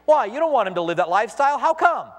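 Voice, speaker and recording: A man preaching a sermon as a pastor, animated, acting out the voices he quotes. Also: very high-pitched, fast, long reverb tail.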